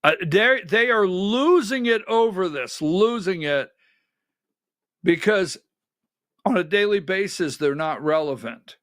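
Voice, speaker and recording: A man's voice: high-pitched, lively intonation, takes it slowly, fairly bright tone, no room sound, studio quality. A man hosting a conservative political talk show, giving sarcastic, emphatic commentary and calling directions to his producer.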